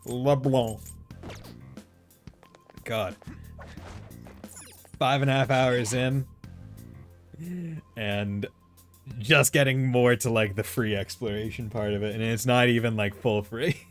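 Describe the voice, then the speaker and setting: A young man of average pitch gives loose, rambling commentary while he plays, dropping fillers and laughing along the way. Faint music sits behind him. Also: steady tone, slow, pauses often. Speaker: streamer. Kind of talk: casual let's-play commentary.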